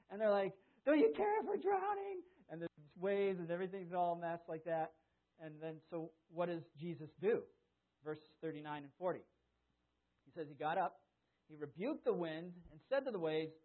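A man preaching a conversational sermon at a church service, asking the congregation questions and acting out quotes loudly. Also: sits high. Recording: tinny, phone-like sound.

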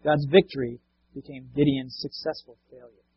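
A man's voice: mid-range voice, steady tone, normal speed, husky, no echo, dull audio. A man preaching a sermon as a pastor, talking conversationally and often asking the congregation rhetorical questions.

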